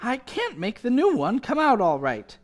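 An actor playing a flustered, excitable husband and father in a 1940s radio drama. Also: very high voice, normal speed, heavily acted. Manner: flustered, exclaiming.

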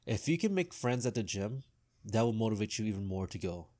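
A man's voice: lowish voice, animated, brisk, mellow. A man in casual chat as a co-host, laid-back and loose, with many fillers.

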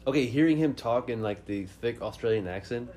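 A man co-hosting a podcast in casual, profane chat, loud and animated as he reacts to a song and laughs often. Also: medium pitch, a little fast. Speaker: podcast co-host.

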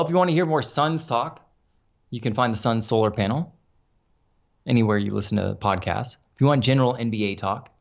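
A man's voice: on the low side, gravelly. A man talking as a guest on a sports podcast, chatting casually and complaining with exasperation. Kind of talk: casual chat. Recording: dull lo-fi audio.

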